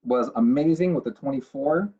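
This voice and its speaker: Husky man on a dull lo-fi line. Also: mid-range voice, normal speed. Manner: asks rules questions, hesitant fillers. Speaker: player. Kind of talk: tabletop game chat.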